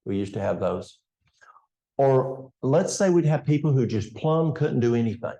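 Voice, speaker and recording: A man's voice: mid-range voice, animated, normal speed, vocal fry, mellow, echoey room, highs cut off. An older man with an East Tennessee Appalachian accent, giving a folksy health seminar talk in a church and addressing the audience directly. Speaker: health educator.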